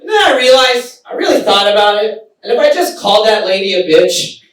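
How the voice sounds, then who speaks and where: High-voiced young male stand-up comic, echoey. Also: brisk. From Texas. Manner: animated storytelling, laughing at his own jokes. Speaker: stand-up comedian. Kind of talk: stand-up comedy set. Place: live comedy stage in a small theater. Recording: echoey live room from far off.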